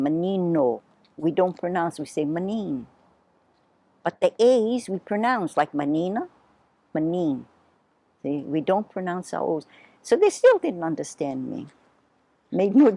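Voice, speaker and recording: Elderly woman in her eighties, low voice, leisurely homespun storyteller. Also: a little mellow. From Hawaii. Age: 80s. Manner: unhurried, homely storyteller who spells words out. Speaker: oral history interviewee. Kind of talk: reminiscing storytelling.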